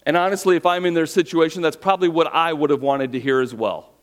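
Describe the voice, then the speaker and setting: A pastor preaching a sermon, telling a story with rhetorical questions and dropping his voice quiet for emphasis. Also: on the high side, fairly even intonation, fast.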